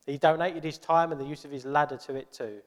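A pastor doing a possessive longtime church member who is offended at the thought of anything changing. The voice is huffy and a little high, and it rings through a long church reverb. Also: male voice, steady tone, brisk, natural voice. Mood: indignant. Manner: huffy, defensive, rising to scolding.

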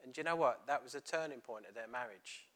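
A middle-aged preacher tells a story during his sermon, animatedly acting out the dialogue. His mid-range voice moves fast.

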